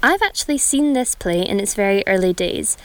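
Lady radio host, chatty, reading a rhymey poem, medium pitch. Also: expressive, brisk, rough recording. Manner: chatty, reads rhyming verse aloud.

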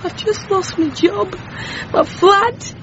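A woman's voice: very high voice, slow pace, a bit bright, slight background noise, full character voice. A woman playing a sulky, self-pitying young woman who is secretly a vampire, on a dull lo-fi recording. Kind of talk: radio comedy acting.

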